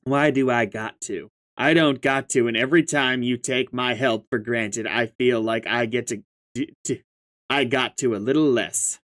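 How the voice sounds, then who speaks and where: A man's voice: medium pitch, moderate pace, fairly bright tone, natural voice. A man reading aloud as a proper, dry-witted young troll who acts as a reluctant go-between, and who sometimes stumbles over the words. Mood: sardonic. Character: prim sardonic young troll, reluctant mediator.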